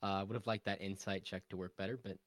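A man's voice: deep voice, level tone, fast, dry recording, studio quality. A man playing a tabletop game, chatting casually with lots of fillers. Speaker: player.

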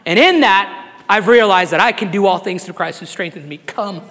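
A male pastor preaching a sermon to his church, swinging from quiet, tender passages to loud, shouted appeals. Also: sits high, brisk, long reverb tail. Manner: emotional, swings from soft to shouted. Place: church sanctuary.

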